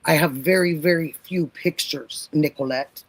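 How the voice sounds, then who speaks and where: A woman doing an old Slavic-accented grandma. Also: sits low. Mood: wistful. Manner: halting, simple broken phrasing.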